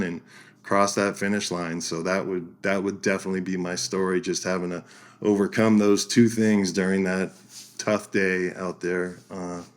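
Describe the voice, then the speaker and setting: A man, a podcast guest, telling a story in a casual way, lively, acting out the voices he quotes and laughing as he goes. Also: on the low side.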